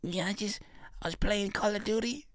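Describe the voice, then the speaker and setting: A man putting on the voice of a frail, rambling little old lady, creaky and breathy, stammering over his words. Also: high voice, a bit bright, no echo, studio quality, voice pushed up. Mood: doddering. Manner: halting, stammering repeats. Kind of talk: comic impression.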